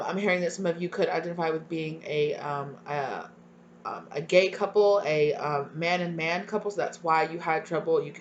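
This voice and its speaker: A woman's voice: lowish voice, dull audio, a little hiss or hum. A young woman giving a live tarot reading, emotional and gushing, with lots of fillers and a repeated "right?". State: tearful at times. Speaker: tarot reader.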